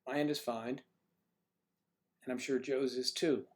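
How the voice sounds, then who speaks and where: Man, livestream host, lingering cough, rambling and jokey, chatting with viewers at home, average pitch. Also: fairly even intonation, a little slow. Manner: rambling, chatty, joking with the chat. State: has a cough. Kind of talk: casual livestream chat answering viewers. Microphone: microphone on a stand he keeps adjusting.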